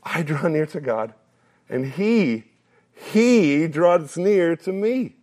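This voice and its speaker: A man's voice: lively intonation, slow, darkish tone. Earnest man preaching a sermon. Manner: earnest, repeats phrases while building a point; drops to a low conversational tone for a personal story. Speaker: pastor.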